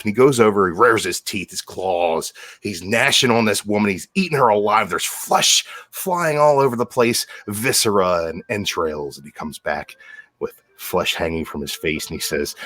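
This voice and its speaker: A man on a casual live stream, telling a long joke in a deadpan way. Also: sits low, a little fast, no room sound. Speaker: stream guest.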